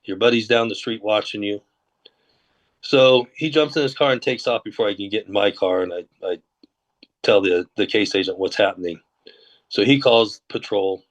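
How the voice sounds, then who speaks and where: Low-voiced man telling a story. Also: moderate pace. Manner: relaxed anecdotal telling, acts out quoted dialogue. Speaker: former corrections officer and undercover officer, guest. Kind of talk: storytelling in a podcast interview.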